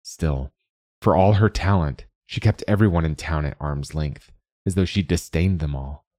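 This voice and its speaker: A man tells a story steadily and evenly, his voice very deep. The sound is close and dry, with no echo from the room.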